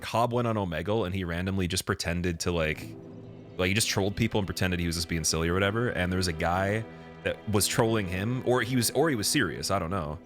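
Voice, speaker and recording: A young man with a very low voice gives casual live commentary while playing. He rambles, restarts, and laughs often as he chats. Faint music plays underneath. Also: fast talker. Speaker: game streamer.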